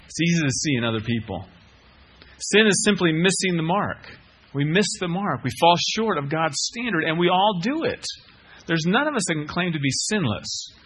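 A man's voice: fairly high pitch, sing-song, normal speed, fairly bright tone, breathy edge. A middle-aged man preaching a sermon, earnest, repeating key phrases and putting questions to the listeners. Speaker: pastor.

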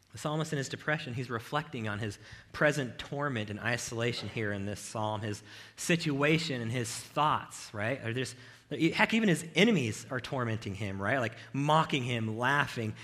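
Brief: male pastor, conversational sermon, bright forward tone, keeps checking in with "right?". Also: medium pitch, normal speed. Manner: conversational, rhetorical "right?" asides. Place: church with video cameras.

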